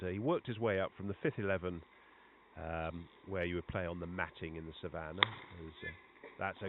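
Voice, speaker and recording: A man giving chatty live commentary on a cricket match. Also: fairly low pitch. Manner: conversational, chatty between balls, rising excitement on big shots. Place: outdoor cricket ground. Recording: tinny phone-like line with clear background noise.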